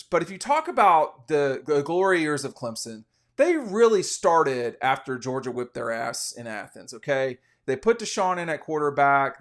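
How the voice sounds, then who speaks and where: A man hosting a casual college football podcast, giving rambling, opinionated betting commentary with frequent restarts. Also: a little high. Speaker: sports podcast host.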